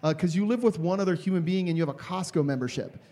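A man giving feedback at a live comedy show, dry and teasing. His voice sits a little high, and he speaks in a club room. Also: fast talker, mellow.

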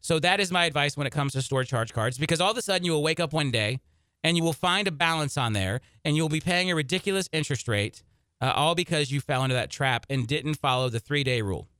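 A man hosting a personal finance radio show, giving emphatic, energetic advice. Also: fairly high pitch, fast, clear, resonant tone, no echo, studio quality.

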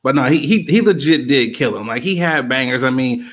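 A man in casual conversation, animated and profane, slipping into quick impressions of the people he talks about. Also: medium pitch. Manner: animated, profane slang, acts out quotes. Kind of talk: casual chat about a music event.

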